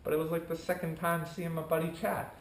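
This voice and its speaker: A fast-talking young man with a fairly high voice is starting a vlog channel. Recorded in an echoey room, he animatedly rambles through a casual story and plays out his friends' lines.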